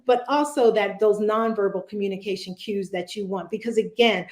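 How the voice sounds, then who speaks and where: A woman's voice: mid-range voice, a little mellow, echoey room. A woman leading a virtual public speaking workshop, talking conversationally with fillers and frequent "right?" check-ins. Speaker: workshop presenter.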